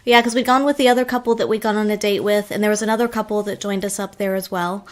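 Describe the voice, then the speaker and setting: A woman's voice: mid-range voice, fairly even intonation, fast talker. A woman co-hosting a podcast, chatting in an easygoing, agreeable way and laughing often. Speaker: podcast co-host. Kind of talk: casual chat.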